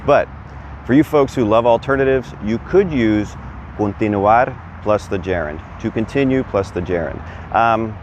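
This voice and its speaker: Chatty guy teaching spanish outside, lowish voice, faint traffic behind. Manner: chatty, encouraging, quizzes the viewer. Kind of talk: casual video lesson. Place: outdoors. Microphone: camera on a stand.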